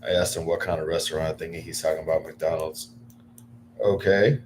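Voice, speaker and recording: A man chatting casually on a livestream, rambling with lots of fillers and breaking into excited bursts. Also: a bass voice, brisk, slight background noise.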